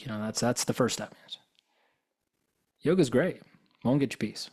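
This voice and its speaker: A man whose mid-range voice is husky, a little mellow, and lively in intonation speaks a little slowly in a live motivational talk. As a spiritual coach and guest speaker, he tells stories casually and informally, acting out dialogue and leaning on fillers like "you know."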